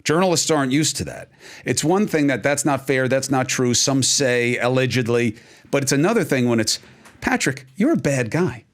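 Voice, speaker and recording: A middle-aged man talking candidly as a podcast guest, emphatic, with fast bursts and slow, stressed points. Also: mid-range voice.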